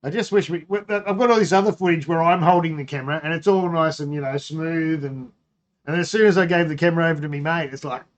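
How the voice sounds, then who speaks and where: A rambling Australian man chats loosely on a live stream, cutting himself off and laughing as he goes. His voice sits a bit high for a man. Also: fast talker. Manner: rambling, laughing, self-interrupting. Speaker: home brewing live streamer. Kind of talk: casual live-stream chat.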